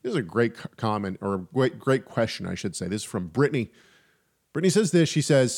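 A man co-hosting a casual faith podcast, talking in an animated, chatty way with frequent restarts and asides. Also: medium pitch, a little fast, slightly rough. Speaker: podcast co-host.

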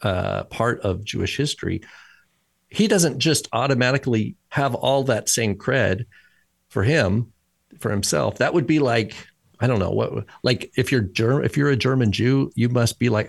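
A man's voice: medium pitch, lively intonation, measured pace, creaky, slightly rough, no echo. A man co-hosting a podcast, talking animatedly in a casual religious discussion and quoting people in acted voices. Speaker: podcast co-host.

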